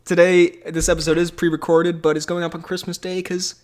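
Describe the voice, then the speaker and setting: A man's voice: sits high, level tone, brisk, a little hiss or hum. Laughing young male podcast host. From Denmark. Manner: laughs often, joking. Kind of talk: casual chat.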